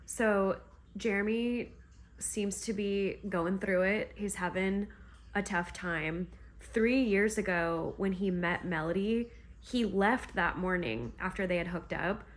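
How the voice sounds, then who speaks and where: A woman's voice: medium pitch, slow. A woman retelling a romance novel in a chatty, gushing way on her book vlog. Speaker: book vlogger. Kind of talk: casual book reading vlog.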